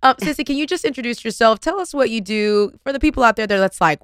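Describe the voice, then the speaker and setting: A woman, hosting a podcast interview in an effusive, animated way with casual slang. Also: fairly high pitch, fast talker, few pauses, clean tone, no echo, studio quality. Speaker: podcast host.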